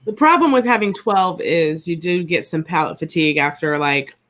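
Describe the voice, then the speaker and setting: A woman's voice: on the low side, normal speed. A woman co-hosting a casual whiskey tasting, talking in a chatty, upbeat way. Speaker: co-host.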